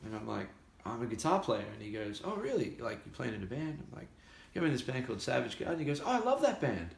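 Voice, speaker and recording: A man's voice: medium pitch, quick pace, gravelly. An Australian man, a musician, chatting casually and animatedly telling a story, acting out the voices of the people in it. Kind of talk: casual chat. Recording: echoey room.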